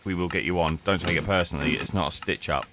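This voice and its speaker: Low-voiced, easygoing man. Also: fast. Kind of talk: casual chat. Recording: noisy background.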